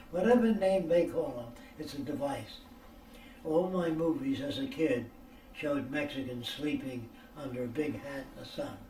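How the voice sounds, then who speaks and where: Recorded at a distance in an echoey private room with faint ambience, an older American man answers questions during a session. His slightly high, warm voice rambles through stories like a lecture, blunt and profane, and he often checks that listeners understand.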